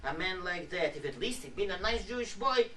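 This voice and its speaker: A man playing a weary old male revolutionary thinker, complaining deadpan in broken English with a put-on Russian accent, in an archive clip. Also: high voice, fairly quick. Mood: grumbling. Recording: distant archive clip with faint hiss.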